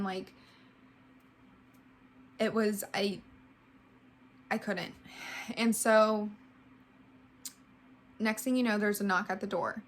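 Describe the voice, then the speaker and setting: A woman's voice: mid-range voice, flat delivery, takes it slowly, pauses often. A woman in her twenties giving a casual storytime vlog, emotional and full of "like". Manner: heavy use of "like", emotional retelling. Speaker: vlogger.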